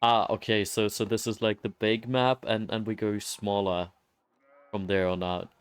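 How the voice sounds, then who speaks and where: A man's voice: lowish voice, level tone, normal speed, smooth, no room sound. A man streaming a game, chatting casually, easily delighted and cursing now and then. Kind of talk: casual gameplay commentary.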